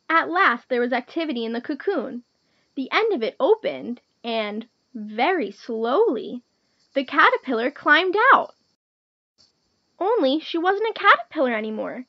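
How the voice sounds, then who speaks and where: A woman reading a picture book aloud to children, clear and gentle like a teacher. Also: high-pitched, sing-song, moderate pace, dry recording, highs cut off. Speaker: storytime reader.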